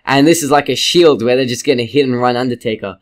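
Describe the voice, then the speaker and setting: A man giving a casual, rambling video review, excitable and swearing freely. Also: medium pitch, quick pace. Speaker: wrestling reviewer.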